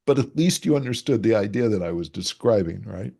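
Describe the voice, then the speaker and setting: Man, mid-range pitch, interview guest, explanatory, example-driven, animated quoted asides. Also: a little fast, vocal fry, hardly any pauses, husky. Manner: explains with examples, acts out quoted voices, frequent "right?". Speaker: relationship energetics expert guest. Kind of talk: explanatory conversational interview talk.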